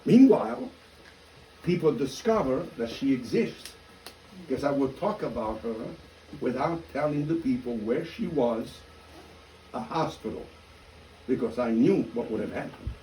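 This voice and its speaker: Man, priest, Italian accent, animated storyteller, self-mocking, mid pitch, faint background ambience. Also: measured pace, long pauses, a little hiss or hum, poor audio. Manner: animated, self-mocking storyteller who acts out quoted dialogue. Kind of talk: storytelling talk.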